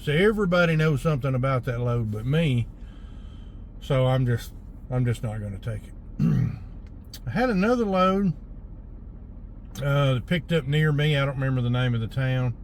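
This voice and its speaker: A man with a drawl talks through his workday from the cab of his truck, unhurried, with lots of uhs. His voice sits at an ordinary middle pitch. A faint hum of engine and road noise sits underneath. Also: expressive. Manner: laid-back drawl, thinking aloud with fillers. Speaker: hotshot truck driver. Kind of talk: casual trucking vlog.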